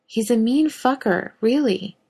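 A woman voicing an awkward young female pet store clerk who lisps and reads haltingly from a script. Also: a little high, expressive, a little mellow, breathy edge, voice pushed up, exaggerated voice. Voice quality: lisping, slurping. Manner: hesitant, reading from a script.

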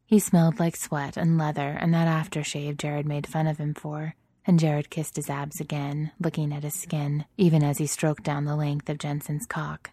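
A woman reading erotic fiction aloud in a soft, intimate, steady manner, slipping into breathy whispers at times. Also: sits low, moderate pace, no echo. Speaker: narrator.

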